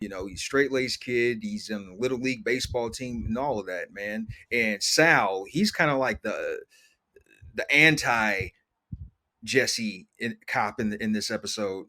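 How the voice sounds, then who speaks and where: A man's voice: mid-range voice, pushed and bright. A man co-hosting a podcast, making laid-back, wry asides in casual chat about a TV episode. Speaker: podcast co-host.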